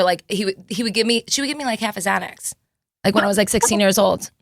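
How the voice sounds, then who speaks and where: A woman's voice: mid-range voice, quick pace, no room sound, clean studio sound. A young woman from New Jersey hosting a podcast, chatting casually and rambling, with many fillers and laughs. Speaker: podcast host.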